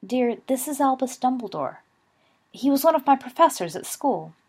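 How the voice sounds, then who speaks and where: A nervous, hesitant middle-aged father who sounds worried, as a woman reads him. The voice has a breathy huskiness and some gravel. It is a storybook reading. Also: high-pitched, sing-song, normal speed, pitched above the performer's own voice, heavily acted. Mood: anxious.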